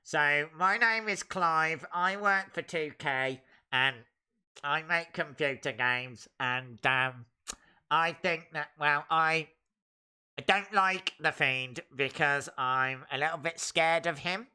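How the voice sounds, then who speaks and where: A man's voice: a little high, slow, pushed and bright, clean tone, full character voice. A man putting on a timid, nerdy young male game developer who stammers and mumbles. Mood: nervous.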